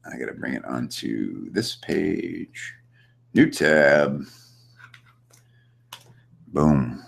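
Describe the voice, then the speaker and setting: A man with a remarkably deep, low voice hosts a live online coaching chat. He talks in a loose, upbeat way, full of fillers, and speaks to viewers from his computer. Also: vocal fry, a bit bright. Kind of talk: casual coaching chat, reading viewer questions. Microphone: computer setup with screen share.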